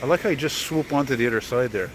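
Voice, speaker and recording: Racing along with lively intonation, this mid-range male voice belongs to a vlog host chatting his way through a night-time city walk. He rambles and laughs easily, recorded on a handheld camera amid loud street noise.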